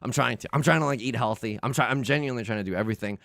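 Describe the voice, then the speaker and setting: Rapid-fire and medium-pitched with vocal fry, a young man hosts a gaming livestream. His casual chat rambles with lots of fillers and self-mocking jokes, going from animated and jokey to subdued and close to tears.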